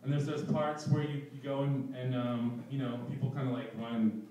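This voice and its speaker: A man's voice: medium pitch, little pitch movement, normal speed, warm tone, a little hiss or hum. A young man telling a personal story at a live event, self-mocking and laughing through his lines. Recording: echoey room, distant mic.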